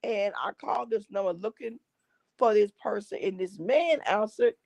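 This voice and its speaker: A woman, a guest gospel artist, telling a long story in an animated way and acting out the voices in it. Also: medium pitch, moderate pace, no room sound. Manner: lively, acts out voices in her stories.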